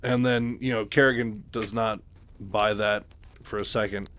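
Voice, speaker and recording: A man's voice: lowish voice, fairly even intonation, measured pace, fairly bright tone. A man casually retelling a novel, loose and full of fillers. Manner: loose, filler-heavy, lots of "like". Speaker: book retelling host.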